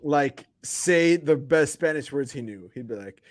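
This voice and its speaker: A man's voice: fairly high pitch, lively intonation, measured pace, no echo. Laid-back man hosting, dry sound. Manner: laid-back, laughs while telling stories. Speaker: podcast host. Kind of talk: casual storytelling chat.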